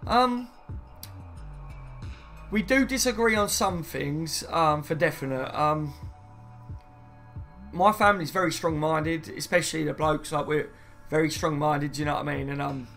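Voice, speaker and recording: Gravelly man chatting on a live stream. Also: fairly high pitch, a little slow, pauses often, a bit bright, faint music behind. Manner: chatty, reads viewer comments aloud and answers them. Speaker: fan channel host. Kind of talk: casual live-stream chat.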